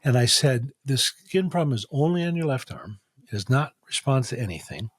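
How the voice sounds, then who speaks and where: A man with a slightly husky voice tells a long story as an interview guest. He slips in and out of quoted voices as he goes. The recording is close and dry, with no room sound. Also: medium pitch, normal speed, no room sound. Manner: animated storyteller acting out quoted dialogue. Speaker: guest, facial diagnosis practitioner.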